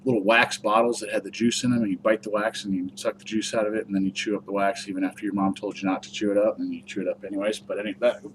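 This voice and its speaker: A man's voice: fairly low pitch, level tone, fast talker, few pauses, a little hiss or hum. A man giving a casual, rambling review vlog, chatty and full of fillers. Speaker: product reviewer.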